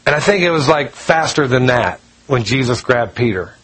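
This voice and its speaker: A man's voice: mid-range voice, animated, normal speed, fairly bright tone, slightly rough, rough recording. A man preaching a casual, conversational sermon, retelling scripture with homey storytelling and frequent chuckles. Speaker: pastor.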